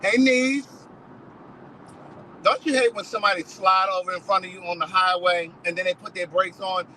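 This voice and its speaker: Man, casual live-stream host, bright voice, animated storyteller. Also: sits high, normal speed, a little hiss or hum, rough recording.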